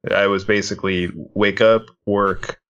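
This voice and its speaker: A man with a very deep voice co-hosting a casual podcast, telling a meandering anecdote and swearing as he goes. His mic has a dull, lo-fi sound. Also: little pitch movement, unhurried, a bit bright, clean tone. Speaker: podcast co-host. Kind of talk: casual storytelling chat.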